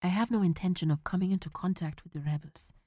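A woman voicing a calm, steady ranger father who reassures his son, speaking in a soft, low, even manner. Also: quick pace, no echo, studio quality, lightly acted.

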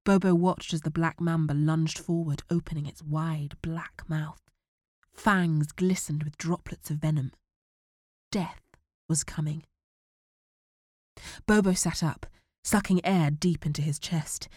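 A woman narrating a children's adventure audiobook in a measured, dramatic way. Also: deep voice, fairly even intonation, a little mellow, no echo, studio quality.

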